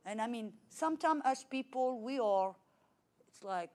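A middle-aged woman with a French accent delivers a sermon testimony, her voice sitting a little high. She tells the story with vivid energy, rising loud and dropping to near hush. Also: moderate pace. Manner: animated storytelling with dramatic swings in loudness. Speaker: preacher.

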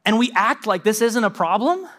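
Young pastor guy preaching, high bright voice, acts out little voices in his stories. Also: moderate pace. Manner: animated storytelling with mimicked voices and laughs. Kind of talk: sermon.

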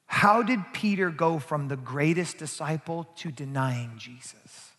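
A male pastor preaching a sermon, moving from quiet asides to loud, emphatic passages. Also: on the high side, unhurried, big-room sound.

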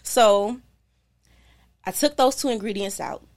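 A woman telling a story as a podcast guest, animated and calling her listeners y'all. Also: mid-range voice, unhurried. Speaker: podcast guest, hair oil maker. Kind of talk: casual storytelling chat.

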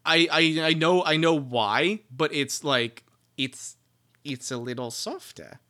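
A man's voice: a little high, lively intonation, slow pace, sharp tone. A man co-hosting a casual book-discussion podcast, rambling and laughing, with lots of restarts. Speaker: podcast co-host.

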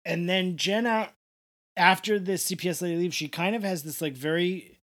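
A man co-hosting a podcast, chatting casually and jokily about a TV episode. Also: sits high. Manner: animated, jokey, quick asides. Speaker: podcast co-host. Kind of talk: casual recap chat.

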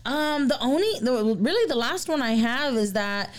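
A woman's voice: sits high, animated, moderate pace. A woman co-hosting a podcast, chatting in an upbeat, slangy way about paranormal clips. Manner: upbeat and slangy, says "hell yeah, baby". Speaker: podcast co-host. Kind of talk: casual chat.

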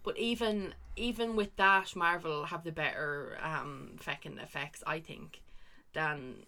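A woman's voice: deep voice, steady tone, measured pace, sharp tone. A young woman co-hosting a podcast, chatting casually and swearing freely, sitting a little back from the mic. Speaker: podcast co-host. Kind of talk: casual chat. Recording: slightly distant from the mic.

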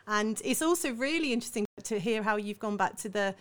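A voice coach from Salisbury in southern England talks through vocal technique in a conversational interview, sounding enthusiastic and affectionate. Her voice is medium-pitched and fairly bright, with lively intonation and a brisk pace.

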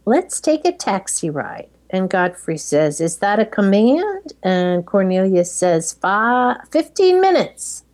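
A woman's voice: mid-range voice, sing-song, slow pace, few pauses, darkish tone. A woman chatting casually, summarizing a film's plot step by step. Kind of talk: casual chat retelling a film.

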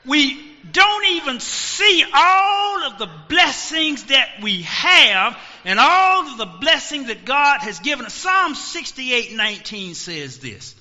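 Emphatic middle-aged male pastor, lively high delivery; dull recording with long hall reverb. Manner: emphatic, rising to shouts, dramatic pauses. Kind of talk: sermon. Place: church sanctuary.

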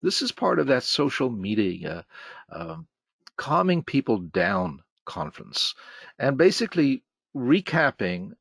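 A man's voice: mid-range voice, big pitch swings, measured pace, creaky, fairly bright tone, husky, no room sound. A middle-aged man hosting a casual monologue series. He reads old conference topic titles aloud and adds wry, emphatic commentary on each. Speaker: host of a retrospective series.

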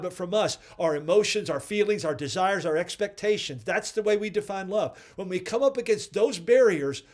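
A man hosting a devotional podcast, earnestly preaching and commenting on quoted readings. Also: high voice. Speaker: podcast host.

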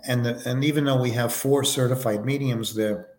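A man as a podcast guest, answering interview questions in a relaxed, anecdotal way with many fillers. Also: medium pitch, normal speed, roomy sound. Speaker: podcast guest, foundation vice president.

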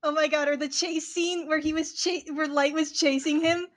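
A woman's voice: high-pitched, fairly even intonation, normal speed. A woman co-hosting a casual chat among friends, enthusiastic and blunt, swearing freely. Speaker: podcast co-host.

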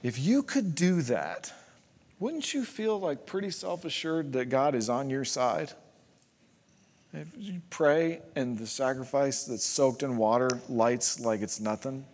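A man preaching a sermon as pastor, emphatic and repeating phrases for rhythm, building to loud climaxes. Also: mid-range voice, lively intonation, a little slow. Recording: long hall reverb.

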